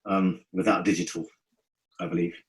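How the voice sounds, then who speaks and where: A man's voice: low voice, normal speed, rough recording. A man from North West London, a musician guest telling stories in a casual podcast interview and slipping into patois when he quotes friends. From North West London, England. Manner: animated storytelling, slips into friends' patois.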